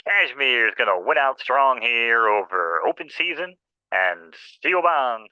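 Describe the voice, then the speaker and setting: Male race caller, tense bright timbre, dry slightly dull audio, playful rapid delivery. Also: medium pitch, lively intonation, clean tone, no room sound. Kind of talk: race commentary.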